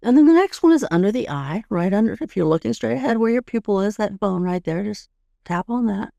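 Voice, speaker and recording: A middle-aged woman host talks listeners through a calming routine at an even, guiding pace. Her voice has a slight gravelly fry, recorded close and dry with no room sound. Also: mid-range voice, fairly quick, no room sound. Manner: calm, guiding, demonstrates steps; adds "right?" to check in with listeners. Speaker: podcast host and tapping coach. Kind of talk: instructional podcast talk.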